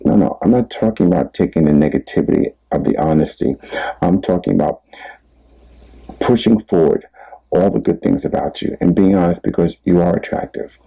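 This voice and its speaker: A man's voice: low-pitched, normal speed, gravelly, warm tone, poor audio. A man giving relationship advice in a candid, rambling monologue, laughing at himself now and then. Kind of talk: casual monologue.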